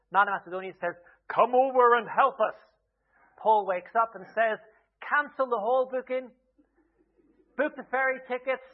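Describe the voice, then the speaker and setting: A man preaching a sermon, retelling a story in a lively way with humorous asides. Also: sits high. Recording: tinny phone-like lo-fi sound.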